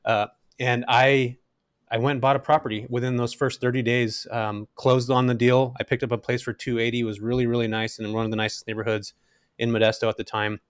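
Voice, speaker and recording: A middle-aged man telling his story as an interview guest, animated and casual, with frequent fillers. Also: medium pitch, a little fast, smooth, dry recording, clean studio sound. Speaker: guest, rental investor.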